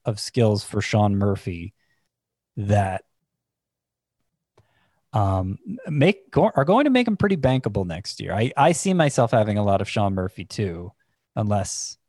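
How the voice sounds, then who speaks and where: A man's voice: on the low side, a little mellow, no room sound, studio quality. A man analyzing fantasy baseball in casual podcast chat, thinking aloud and correcting himself as he goes. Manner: thinking aloud, restarts, second-guesses himself.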